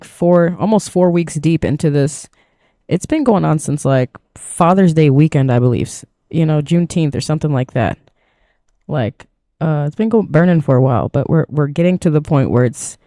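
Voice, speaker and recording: Sleepy woman rambling on her own podcast, swears a lot, low mellow voice, dry close sound. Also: no echo. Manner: loose, rambling, swears freely. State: groggy morning voice, short on sleep. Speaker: podcast host. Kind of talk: casual solo podcast chat. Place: inside her van.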